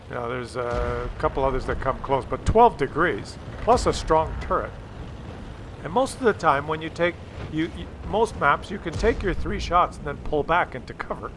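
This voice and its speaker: A man hosting his own gaming video, talking through gameplay in a rambling, jokey and excitable way. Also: on the high side, a little hiss or hum. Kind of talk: casual gameplay commentary.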